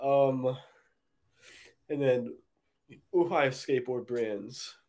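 A man's voice: mid-range voice, slow pace, darkish tone. A young man co-hosting a casual podcast, laid-back with a teasing streak. His voice sits in an ordinary middle register, and he keeps an easy conversational tone. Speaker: podcast co-host. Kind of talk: casual chat.

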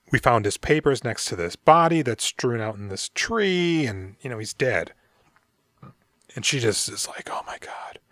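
A man's voice: medium pitch, a bit bright, no echo. Man podcaster, mid-range voice, dry close sound, loose and profane while recapping a film. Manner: rambling and profane, acts out characters' lines. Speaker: podcast co-host. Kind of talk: casual movie recap.

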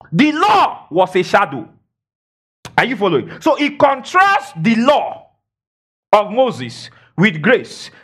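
With a husky, fairly bright voice, a man delivers a Bible-teaching sermon. His emphatic delivery swoops high and low as he questions the congregation and sprinkles in "praise God" and "all right".

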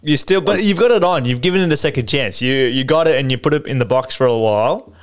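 A man's voice: medium pitch, fast talker, smooth. A man with an Australian accent chatting casually, rambling with lots of fillers. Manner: rambling, filler-heavy, animated. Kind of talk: casual chat.

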